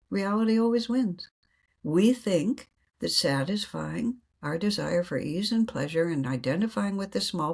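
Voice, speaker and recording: A woman's voice: medium pitch, darkish tone, slightly rough. A woman guest telling reflective spiritual stories in an earnest way, laughing often and acting out her inner dialogue.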